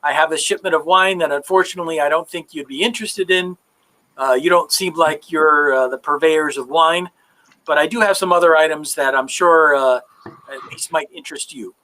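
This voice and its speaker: A man's voice: on the high side, normal speed, sharp tone, low-quality recording. A man voicing a shady male merchant with a ponytail who talks in a slick, coaxing way. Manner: slick, coaxing salesman talk.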